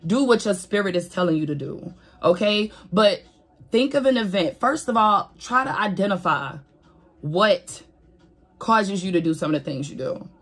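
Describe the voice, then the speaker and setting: Animated woman giving a casual spiritual reading. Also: mid-range voice, normal speed. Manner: animated, preachy, swears and laughs, talks straight to viewers. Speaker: tarot reader.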